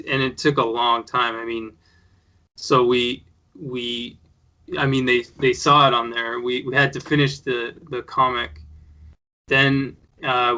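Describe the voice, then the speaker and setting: A man in a casual interview, thinking out loud as he tells his story. His voice is bright and forceful but stays even and flat in pitch. The recording is dull and lo-fi. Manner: rambling, many fillers and restarts. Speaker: guest, show creator. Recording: dull lo-fi sound.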